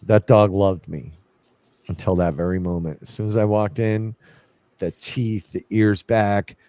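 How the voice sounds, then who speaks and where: Low-voiced man telling a ghost story. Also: a little slow, no room sound. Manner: animated, acts out his own past lines. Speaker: paranormal investigator telling a story. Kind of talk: casual storytelling chat.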